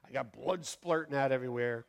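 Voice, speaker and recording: A middle-aged male pastor telling a story in a sermon, animated, acting out voices with shouts and laughs. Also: medium pitch, a little fast, creaky. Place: church sanctuary. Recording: long hall reverb.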